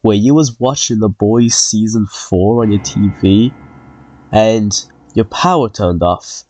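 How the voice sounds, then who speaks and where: A young man bantering loudly and crudely while playing a game with friends over voice chat. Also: fairly low pitch, slow pace. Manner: loud, crude, animated joking. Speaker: gamer.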